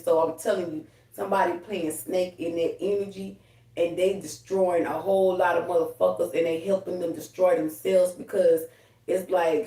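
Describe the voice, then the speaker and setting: A woman's voice: on the low side, steady tone, moderate pace, dark tone. Woman, heated profane preaching, livestream host, echoey room, a bit distant from the mic. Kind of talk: casual spiritual livestream talk.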